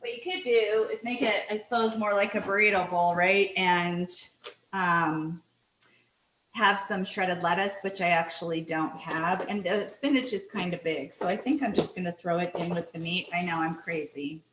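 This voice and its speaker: A woman's voice: fairly low pitch, steady tone, moderate pace, fairly bright tone, reverberant, a little hiss or hum, low-quality recording. A middle-aged Canadian woman hosting a casual cooking show from her kitchen, chatty and self-deprecating, apologizing often as she works. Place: home kitchen.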